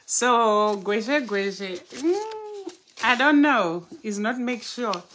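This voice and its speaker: Woman, spiritual teacher on a live stream, bright voice and slow delivery, greets her viewers by name. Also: a little high, very animated, a little hiss or hum. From Southern Africa.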